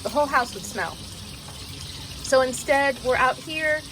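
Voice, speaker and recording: Cooking with her mom, a home vlogger with a high, expressive voice explains every step at a measured pace, chatting loosely and leaning on fillers. Background noise is noticeable as they go from the kitchen to a backyard kitchen outside.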